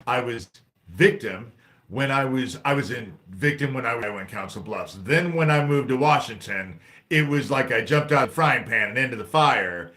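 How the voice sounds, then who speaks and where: A man's voice: mid-range voice, lively intonation, normal speed, sharp tone. A man hosting a livestream, angrily ranting with heavy swearing, jumping between topics and reading the chat aloud. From United States. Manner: angry, profane, jumps between topics and reads chat aloud. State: agitated. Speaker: livestream host.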